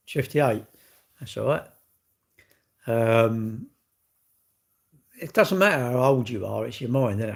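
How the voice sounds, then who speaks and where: A man in his sixties, chatting casually on a live stream with viewers, cheeky and bantering with the odd swear word. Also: mid-range voice. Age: 60s. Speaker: livestream host.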